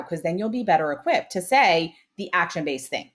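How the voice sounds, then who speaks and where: A woman's voice: on the low side, lively intonation, normal speed. A woman hosting a podcast as a parenting expert, explaining her advice in an earnest, emphatic way. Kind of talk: conversational advice.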